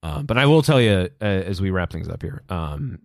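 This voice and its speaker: A man co-hosting a podcast in casual chat, telling stories with lively acted-out quotes. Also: low-pitched, moderate pace, no room sound, clean studio sound. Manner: animated storyteller, acts out quotes loudly. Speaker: podcast co-host.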